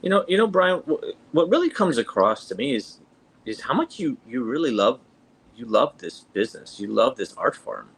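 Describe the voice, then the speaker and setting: A man's voice: medium pitch, sing-song, moderate pace, husky. A man interviewing his guest, effusive and often restarting his phrases. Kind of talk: interview questions.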